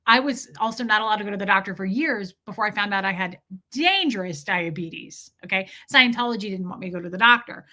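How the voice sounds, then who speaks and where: A woman hosting a livestream, telling a personal story in a candid, animated way and breaking off now and then to greet viewers in the chat. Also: fairly high pitch. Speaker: livestream host.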